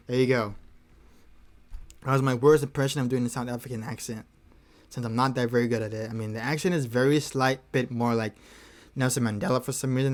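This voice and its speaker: A man's voice: medium pitch, a little mellow. A man hosting a music livestream, chatting casually between songs in a rambling, laid-back way and chuckling often.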